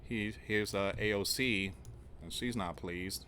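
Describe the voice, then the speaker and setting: A man's voice: lowish voice, measured pace, sharp tone, slight background noise. A man hosting an online news channel, talking casually to viewers in a rambling, repetitive way. He reads news items aloud and reacts with rhetorical questions. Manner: rambling, repetitive, often restarting with "again" and "guys". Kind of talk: casual political commentary to viewers.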